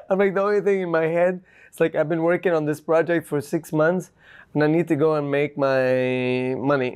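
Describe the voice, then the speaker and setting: Speaking a little fast in a smooth, slightly high voice, this male podcast guest rambles through a story with animated, casual energy. He laughs a lot and fills gaps with "like" and "you know."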